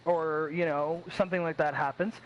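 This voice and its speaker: A man's voice: on the high side, steady tone, normal speed, dull audio, slight background noise. A man streaming games, chatting casually in a blunt, profane way, full of fillers and repeated words. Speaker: gaming streamer. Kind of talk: casual chat.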